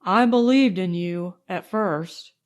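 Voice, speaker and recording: A woman reading an audiobook, voicing a weary male pianist who speaks coolly and quietly. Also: lowish voice, slow pace. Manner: cool and dispirited.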